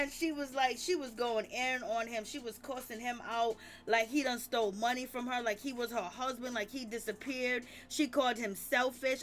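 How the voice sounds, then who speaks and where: Female live-stream host, high voice, animated gossip recap full of laughter. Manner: animated, laughs often, exclaims "Lord". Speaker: reality TV commentary host.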